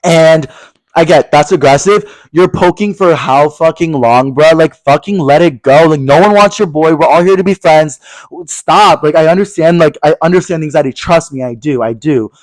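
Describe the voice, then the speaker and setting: A young man co-hosting a podcast, telling a story in casual chat, animated and swearing a lot as he acts out angry quotes. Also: fairly high pitch, moderate pace, dry recording, low-quality recording. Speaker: podcast co-host.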